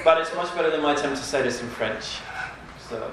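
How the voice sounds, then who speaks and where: A man's voice: on the high side, a little fast. A man reading a rhyming picture book aloud to a live audience, playful and joking between pages and laughing often. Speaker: reader at a live storytelling event. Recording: echoey room, distant mic, background noise.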